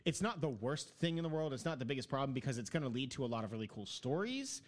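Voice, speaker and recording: A man's voice: medium pitch, big pitch swings, quick pace. A man in casual chat, telling long rambling stories about a video game with many fillers.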